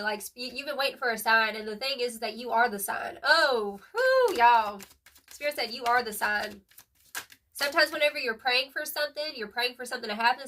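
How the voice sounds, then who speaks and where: A young woman's high, bright voice runs through a casual tarot reading. She talks in an emphatic, slangy way, calls the listener "boo-boo," and punctuates her points with "period." She sits a little back from the mic. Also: recorded from a distance. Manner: chatty, emphatic, lots of "like" and "period". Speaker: tarot reader.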